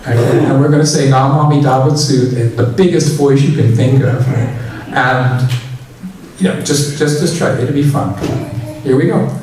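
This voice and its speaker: A man giving a relaxed, chatty dharma talk as a temple minister and leading loud chanting. He is recorded in a big, very echoey temple hall from some distance. Faint room noise sits behind him. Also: medium pitch, normal speed.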